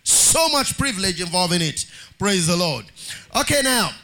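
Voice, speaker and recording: A man's voice: sits high, very animated, normal speed, sharp tone. A man preaching a sermon as pastor, reading scripture aloud in a sing-song cadence and calling on the congregation for amens.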